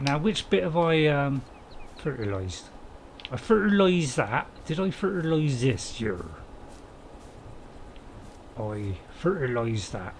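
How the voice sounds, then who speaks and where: A man's voice: medium pitch, gravelly, noisy background. A middle-aged man, chatting casually and joking while streaming a farming game and answering his viewers' chat. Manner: chatty, jokey, chuckling, reading chat aloud. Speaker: gameplay streamer. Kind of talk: casual live-stream commentary.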